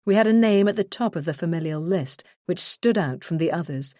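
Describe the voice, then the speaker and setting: A woman narrating a first-person true crime memoir in a measured, earnest way. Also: lowish voice, expressive, dark tone, no echo, studio quality. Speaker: audiobook narrator.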